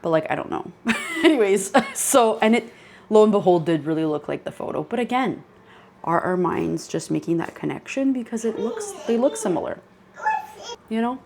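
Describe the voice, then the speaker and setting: A woman's voice: medium pitch, sing-song, normal speed, vocal fry, darkish tone, slight background noise. A young woman hosting her channel, casually telling a ghost story with lots of "like" fillers. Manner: chatty, many "like" fillers, laughs while telling. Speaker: channel host.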